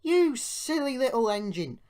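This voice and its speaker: A man's voice: very high voice, sing-song, normal speed, pitched above the performer's own voice. A man voicing a hearty, teasing male engine driver in a storybook reading. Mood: jolly.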